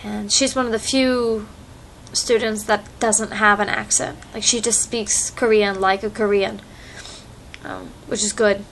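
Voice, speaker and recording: With a mid-range, fairly bright voice and flat delivery, this young American vlogger chats casually and unhurriedly, filling her rambling with lots of fillers. She records on a phone microphone, and there's slight background noise.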